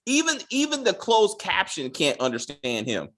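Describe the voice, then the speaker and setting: A man's voice: medium pitch, moderate pace. A man hosting a casual TV review chat, swearing freely and acting out lines from the show. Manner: animated, profane, acts out quotes. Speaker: podcast host.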